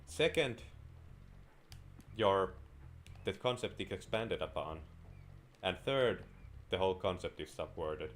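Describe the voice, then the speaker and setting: A man's voice: low-pitched, expressive, slow pace, long pauses, soft background music. A young man giving rambling, self-mocking commentary while he plays a game. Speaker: gameplay commentator. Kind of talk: casual gameplay commentary.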